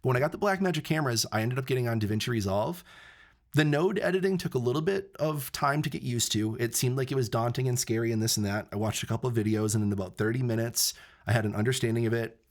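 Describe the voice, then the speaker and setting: A man hosting a podcast, chatting casually and eagerly about editing software. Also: mid-range voice. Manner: enthusiastic, talks fast and insistent. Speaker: podcast host. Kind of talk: casual chat.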